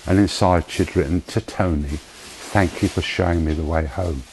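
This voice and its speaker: Deep-voiced man telling a tender personal story. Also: noisy background. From United Kingdom. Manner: emotional storytelling, slow and tender. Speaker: charity founder giving testimony. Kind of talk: personal testimony.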